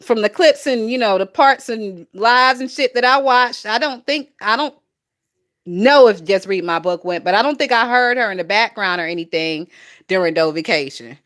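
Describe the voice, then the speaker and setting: Woman, gossip streamer, bright and punchy voice, swears freely, laughs a lot. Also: medium pitch, animated, moderate pace. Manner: chatty, profane, laughs often, talks to chat. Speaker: gossip channel host. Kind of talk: casual livestream gossip chat.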